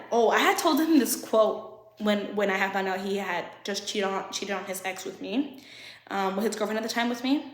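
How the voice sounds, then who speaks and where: A young woman telling a candid, profane storytime about a past relationship, talking fast and getting emotional as a vlogger. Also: mid-range voice. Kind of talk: storytime vlog. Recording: echoey room.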